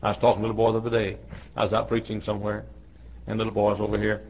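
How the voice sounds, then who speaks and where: Gravelly folksy preacher man. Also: on the low side, monotone, rapid-fire, darkish tone, slight background noise, rough recording. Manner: folksy, joking anecdotes with quotes in raised voice. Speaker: pastor. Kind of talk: radio devotional storytelling.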